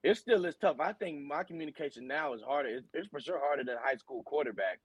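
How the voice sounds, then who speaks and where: A man's voice: fairly high pitch, fast, a crowd in the background, low-quality recording. A young man from Tennessee, a college linebacker, talking casually in an interview with many fillers. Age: young adult. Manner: relaxed, rambling with many fillers.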